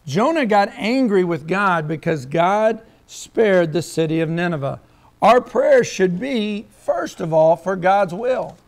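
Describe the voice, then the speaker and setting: A man's voice: sits high, expressive, slow, vocal fry. A man preaching a sermon as pastor, reading scripture and acting out quoted prayers.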